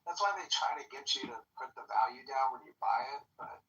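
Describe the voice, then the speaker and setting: A man's voice: mid-range voice, fast, bright, forceful tone, far from the mic. Middle-aged man, chatty guest, roomy dull sound. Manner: chatty, interjecting, joking. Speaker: podcast guest. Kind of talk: casual chat.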